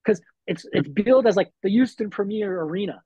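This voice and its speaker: A man's voice: sits high, expressive, fairly quick, dark tone, breathy edge, no room sound. A man, a wrestler guest on a podcast, telling stories in a laid-back way with lots of fillers. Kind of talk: casual podcast chat.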